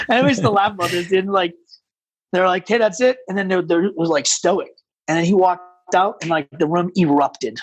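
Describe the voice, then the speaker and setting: A man telling stories as a guest on a casual podcast, animated and rambling, with lots of fillers. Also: high voice, normal speed, husky, low-quality recording. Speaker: podcast guest, combat rescue officer.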